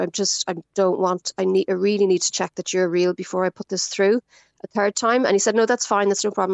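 An Irish woman guest on a radio talk show, recounting in lively storytelling how she was scammed, quoting what others said. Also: mid-range voice, vocal fry, no room sound. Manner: animated storytelling, quotes others. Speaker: scam victim guest. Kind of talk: radio interview.

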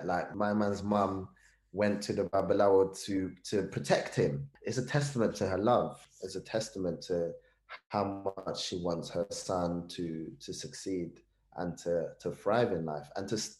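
A man's voice: sits low, measured pace, a little mellow, roomy sound. A man, a poet talking thoughtfully in an interview, restarting phrases as he works out his ideas. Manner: thoughtful, restarts phrases, uses British slang. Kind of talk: reflective conversational interview.

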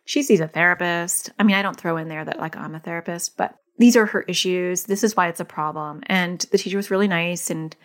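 A woman with a slightly low voice talks through parenting advice in a relaxed monologue. She is earnest and chatty, with "like" scattered through her sentences, and she sounds like a therapist who is also a parent. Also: fairly quick, hardly any pauses. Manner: chatty, many "like" fillers, earnest.

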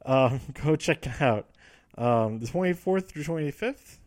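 A man's voice: mid-range voice, animated, a little mellow, no room sound. Rambling man, dry close sound. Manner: rambling, frequent fillers and restarts, quotes wrestlers in quick asides. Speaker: podcast host recapping wrestling. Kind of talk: casual rambling recap.

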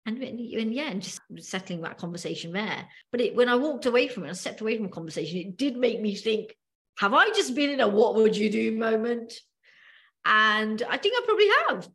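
A middle-aged woman with a British accent, co-hosting a podcast and telling a story slowly with many pauses and fillers. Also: on the high side, animated, fairly bright tone. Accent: British English. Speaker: podcast co-host. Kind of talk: casual podcast discussion.

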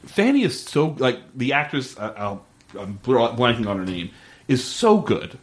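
A man co-hosting a casual podcast, recapping a TV show. He talks loosely, full of likes and ums, and his voice jumps up in pitch when he acts out what the characters said. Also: moderate pace. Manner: animated retelling with filler words, quotes characters in a lively voice. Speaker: podcast co-host recapping a TV episode. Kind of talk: casual chat.

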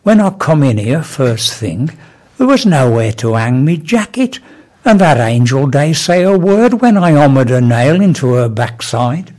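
A man's voice: a little high, measured pace. A man doing a flustered carpenter. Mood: indignant. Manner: excitable, stammering, indignant. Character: gruff working-class male carpenter, flustered.

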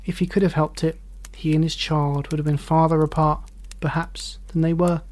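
A narrator reading a classic novel aloud with measured, expressive delivery and dramatic pauses. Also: medium pitch.

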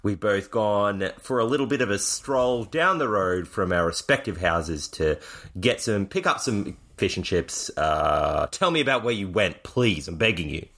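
A man's voice: fairly low pitch, animated, measured pace, a bit bright. A man co-hosting a podcast, chatting casually with sarcastic, joking remarks. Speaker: podcast co-host.

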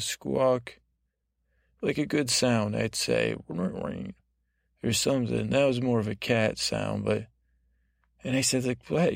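Gravelly deadpan man telling a rambling story. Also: medium pitch, no echo, clean studio sound. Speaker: podcast host. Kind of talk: improvised bedtime story narration.

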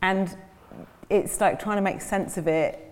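A woman hosting an on-stage interview at a live festival event, asking relaxed, supportive, conversational questions. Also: mid-range voice, measured pace. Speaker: interviewer host. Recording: long hall reverb at a live event.

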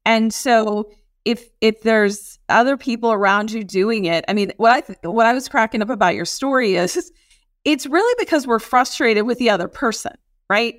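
Woman podcast co-host, middle-aged, emphatic and encouraging, mid-pitched, close dry mic. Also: moderate pace, dry recording. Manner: emphatic, encouraging, frequent affirmations. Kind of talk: casual podcast chat.

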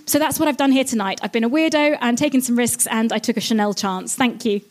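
A woman with a high voice performs a comic story for a live audience. She is theatrical and slips in and out of character voices as the tale goes on. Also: quick pace.

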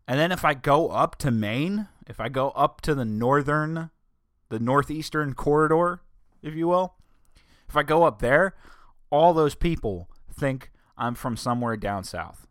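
A man's voice: medium pitch, normal speed, fairly bright tone, dry recording, clean studio sound. A young man from northern Delaware hosting his own podcast, rambling in a casual chat with self-corrections and joking asides. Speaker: podcast host. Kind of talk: casual solo podcast monologue.

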